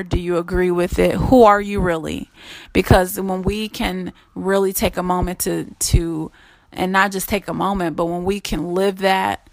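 A woman's voice: lowish voice, dry recording. A woman hosting a casual devotional podcast, speaking earnestly and encouragingly, repeating phrases and often giggling between thoughts. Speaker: podcast host.

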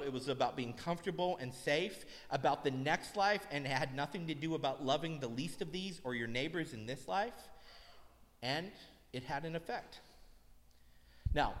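A man in his thirties preaching a sermon in a relaxed, conversational way with self-deprecating asides. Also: fairly high pitch. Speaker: pastor. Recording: long reverb.

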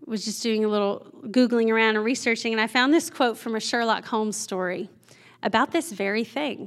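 Woman giving a sermon, kinda high voice, chatty, laughs a lot and keeps asking the crowd stuff. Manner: conversational, laughs often, asks the audience questions. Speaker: preacher.

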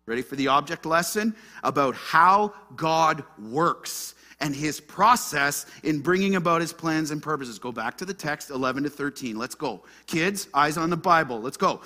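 Pastor, male, earnest sermon delivery, bright timbre, slightly high voice. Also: animated, normal speed, few pauses. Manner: earnest, swings from hushed prayer to loud emphasis.

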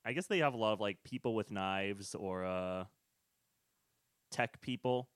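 A man co-hosting a casual podcast chat, animated, laughing a lot and acting out quotes. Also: on the low side, unhurried, clean tone, dry recording, studio quality. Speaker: podcast co-host.

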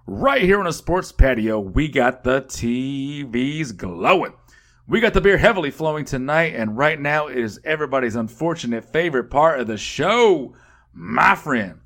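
A man's voice: on the high side, fairly bright tone. A man hosting a comedic sports betting podcast, hyping the show and cracking crude jokes. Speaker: podcast host.

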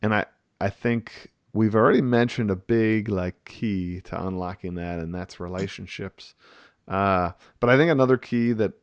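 Low-voiced man in a dry room. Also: normal speed, no echo, lo-fi sound. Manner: animated, rambling with fillers. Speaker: podcast host and teacher. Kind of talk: casual conversation.

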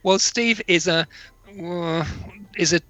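A man's voice: high-pitched, slow pace, no echo. A man, a children's poet, talking casually on a radio show and reading his verse in a playful way. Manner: playful, animated, leads call and response.

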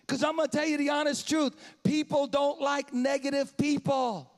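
A man preaching a sermon in a church, often shouting and half-singing his lines. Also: extremely high pitch, little pitch movement, normal speed. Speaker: pastor. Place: church sanctuary.

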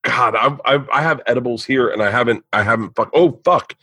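A man's voice: mid-range voice, a little fast, bright, forceful tone, slightly rough, dry recording. A man hosting a podcast, reading ads and chatting casually, loose and profane with stumbling restarts. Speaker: podcast host. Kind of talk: casual chat and read ads.

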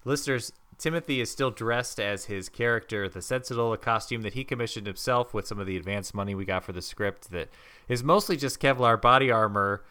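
Deadpan man with a crisp voice. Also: fairly low pitch, fairly quick. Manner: deadpan, dry commentary. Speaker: comedy podcast co-host. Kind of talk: improvised comedy narration.

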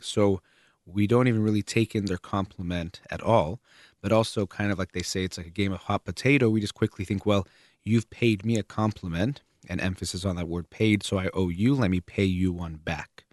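A man calmly explaining ideas step by step in a measured way, with occasional fillers. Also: deep voice, no room sound, clean studio sound. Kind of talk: explanatory talk on relationships.

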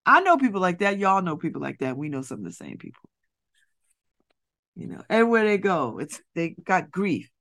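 A middle-aged woman hosting a radio show, talking in an animated, repetitive way with laughing asides. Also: lowish voice, brisk, vocal fry. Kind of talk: casual monologue. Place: radio studio.

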